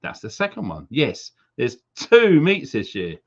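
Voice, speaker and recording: A man's voice: medium pitch, wildly swooping pitch, a little slow, slightly rough. Chatty man hosting a live stream. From Wales. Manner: chatty, jokey, slips into silly accents. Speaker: livestream host. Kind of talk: casual live-stream shout-outs. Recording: slightly dull lo-fi stream audio.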